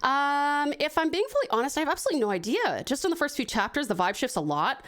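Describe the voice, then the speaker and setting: American woman streamer, bubbly chatter, slightly high, animated delivery. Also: quick pace. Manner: bubbly and chatty, often laughing. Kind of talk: live-stream story reading and chat.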